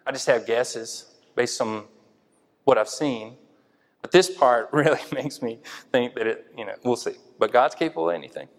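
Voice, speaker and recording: A man preaching an informal sermon, talking to his listeners in an easy, conversational way. He thinks aloud, pausing on fillers and restarting his sentences. His mid-pitched voice rings out with a long hall reverb. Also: creaky.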